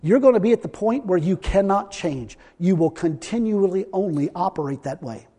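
A preacher with a strikingly high voice that swings up and down as he drives his points home. He talks in a folksy, emphatic way and keeps repeating himself for weight. The sound carries a long reverb, as in a church hall. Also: animated, normal speed, dark tone, slightly rough. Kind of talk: sermon.

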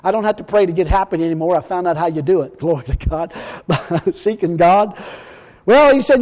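High-voiced folksy preacher, echoing hall. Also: male voice, lively intonation, a little mellow. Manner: folksy, emphatic, quotes scripture slowly. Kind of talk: sermon.

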